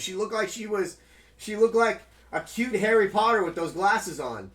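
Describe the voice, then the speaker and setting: A man's voice: high voice, animated, moderate pace, fairly bright tone. A man live-streaming a game, rambling casually to his chat in a loose, chatty way.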